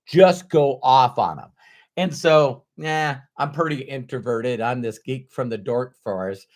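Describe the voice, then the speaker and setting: A middle-aged man tells a personal story to his audience in a candid, unscripted way. His voice sits at an ordinary middle pitch. Now and then it jumps into sudden loud, animated bursts. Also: measured pace. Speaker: motivational speaker.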